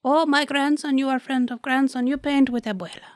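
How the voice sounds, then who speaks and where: A woman voicing a frail, very old blind grandmother in a whispered role-play, halting and repeating her words in soft broken phrases. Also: high voice, fairly even intonation, dry recording, clean studio sound, voice pushed up, close to an everyday voice. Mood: doting.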